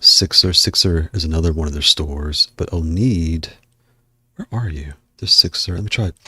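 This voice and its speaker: A man's voice: very deep voice, normal speed, sharp tone, breathy edge, no echo. A man hosting a casual livestream, out of breath and chatting in a rambling way while he browses. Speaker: livestream host.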